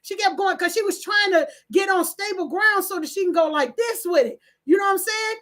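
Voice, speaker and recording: A middle-aged woman, talking on a live stream, preachy and animated, reading out the chat and breaking into laughs and shouts. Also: very high-pitched, a little fast.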